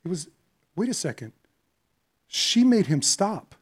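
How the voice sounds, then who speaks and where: A man preaching a sermon, retelling a story with shifts from quiet, hushed passages to impassioned, louder ones. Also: sits high, very animated, a little slow, breathy edge.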